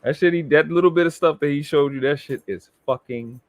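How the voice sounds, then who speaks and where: A man's voice: on the high side, brisk, no room sound. A man in casual live-stream chat, talking boastfully and emphatically with heavy profanity. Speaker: co-host.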